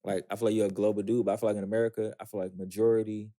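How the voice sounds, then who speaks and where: A young man talks quickly in a low voice, loose and casual, full of slang and swearing. He rambles as he works toward a question. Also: level tone, warm tone. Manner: slangy, profane, loose and conversational. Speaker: interview host. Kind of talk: casual interview conversation.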